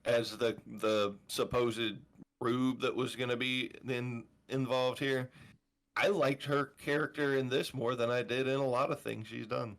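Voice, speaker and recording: A man with a mid-pitched voice in relaxed podcast chat. He chimes in easily and goes along with the others. He talks about film in a plain, easygoing way. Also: unhurried. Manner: laid-back, agreeable, chimes in. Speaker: podcast co-host. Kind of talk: casual film review chat.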